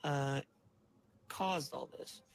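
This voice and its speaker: A man answering questions in a TV interview clip, hesitant and measured. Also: mid-range voice, creaky, background noise.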